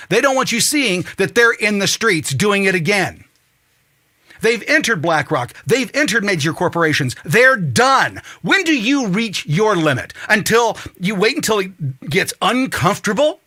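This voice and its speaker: A talk host rants with swearing and sudden shouts. His voice sits high and swings widely in pitch. It has a bright, forceful edge. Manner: ranting, swearing, rising to shouts. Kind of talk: angry political monologue.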